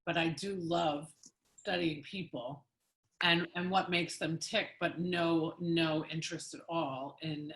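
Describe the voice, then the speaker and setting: A woman hosting an interview show, chatty and lively, laughing often as she talks. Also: deep voice, takes it slowly. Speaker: show host. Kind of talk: casual interview conversation. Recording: echoey room.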